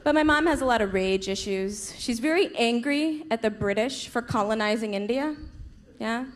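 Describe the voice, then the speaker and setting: A young woman performing a stand-up comedy set on a club stage, punchy and quick. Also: fairly high pitch. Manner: punchy, quick impressions of her parents. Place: comedy club stage before a laughing crowd. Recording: noisy live club recording.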